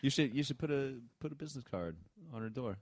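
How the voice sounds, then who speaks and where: A man co-hosting a comedy podcast, dropping quick quips into casual banter. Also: mid-range voice, expressive, no room sound. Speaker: podcast co-host.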